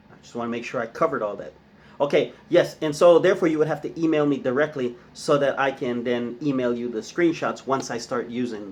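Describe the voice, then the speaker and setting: Playful male Spanish teacher quizzing students. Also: medium pitch. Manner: quizzing, playful, drawn-out slow repetitions of words. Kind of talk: casual video lesson.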